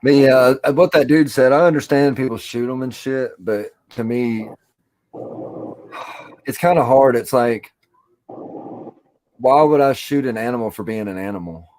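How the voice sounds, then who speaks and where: A man's voice: medium pitch, normal speed, pauses often, darkish tone, no room sound, poor audio. A stoned man from Alabama, rambling and swearing through a casual podcast chat. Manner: rambling, profane, laid-back storytelling. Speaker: podcast co-host.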